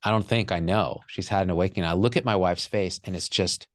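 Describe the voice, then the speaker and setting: A man's voice: sits low, quick pace, dry recording, studio quality. A man telling a raw personal story with candid emotion, swearing freely as a podcast guest.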